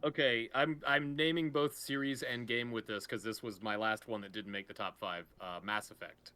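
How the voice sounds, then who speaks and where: A man's voice: medium pitch, fairly even intonation, bright, forceful tone, smooth. A man co-hosting a casual podcast, rambling and correcting himself as he goes. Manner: fast, rambling, self-correcting. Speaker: podcast co-host.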